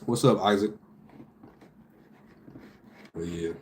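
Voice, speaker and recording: A man, animated and profane, telling a story about his delivery job with loud outbursts. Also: low-pitched, slow pace, slight background noise. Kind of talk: casual storytelling vlog.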